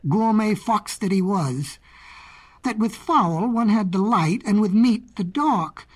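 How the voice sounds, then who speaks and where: A woman narrating storybook fables in a playful, expressive way. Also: mid-range voice, slightly rough.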